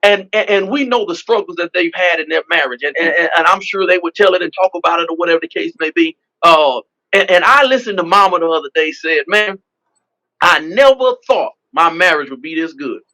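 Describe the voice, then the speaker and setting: A man's voice: high voice, fast, pushed and bright, poor audio. A man, a pastor and politician telling his story in an interview with an emphatic, repetitive preacher cadence, often saying "man.". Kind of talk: testimonial storytelling.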